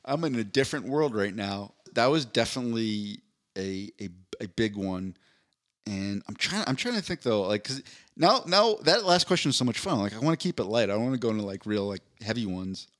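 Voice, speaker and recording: A man, co-hosting a podcast in casual chat, telling stories with a dry delivery and lively quoted voices. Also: fairly low pitch, brisk. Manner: storytelling, animated quoted voices. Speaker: podcast co-host.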